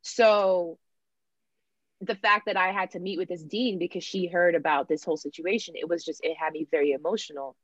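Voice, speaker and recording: A woman's voice: on the low side, fairly even intonation, normal speed, dry recording. A young woman candidly telling a long personal story in casual chat, often acting out what people said. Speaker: student sharing her experience. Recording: dull lo-fi dry sound.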